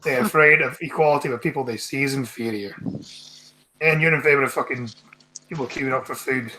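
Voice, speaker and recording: A man's voice: mid-range voice, a little fast, pushed and bright, slight background noise, rough recording. A Scottish man hosting a casual stream, reading news out and mocking it with blunt, sarcastic swearing.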